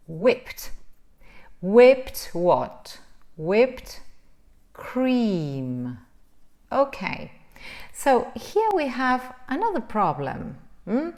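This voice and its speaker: Lady teaching english sounds, super slow, voice goes way up and down. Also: a little high. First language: Spanish. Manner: drawn-out sounds, frequent "right?" checks. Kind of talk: pronunciation lesson.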